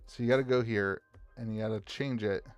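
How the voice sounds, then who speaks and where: A man's voice: lowish voice, steady tone, fairly quick, smooth, no room sound, muffled recording, faint music behind. A man with an Appalachian American accent, chatting casually and rambling as he sorts trading cards on a live stream and greets viewers by name. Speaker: card shop owner streaming live.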